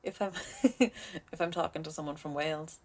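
A woman's voice: low-pitched, moderate pace. A woman in casual chat, answering listener questions in a chatty, self-deprecating way and laughing often. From Ireland. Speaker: amateur audio creator answering listener questions.

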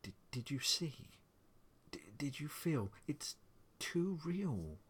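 A man voicing a frightened, tense middle-aged wife, pushing his voice higher and strained. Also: very animated, slow pace, slightly rough, full character voice.

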